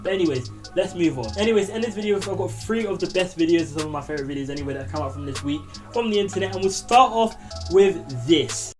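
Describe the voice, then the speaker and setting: Fast-talking young man. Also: high-pitched, lively intonation. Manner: chatty, rambling, self-deprecating. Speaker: commentary YouTuber host. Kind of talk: casual commentary. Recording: music bed behind the voice.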